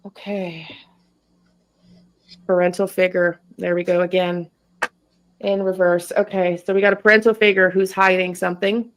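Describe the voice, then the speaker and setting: A woman hosting a live tarot stream, talking in a casual, halting way and often breaking off mid-thought. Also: lowish voice, little pitch movement, poor audio. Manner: hesitant, halting, self-interrupting. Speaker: tarot reader and channel host.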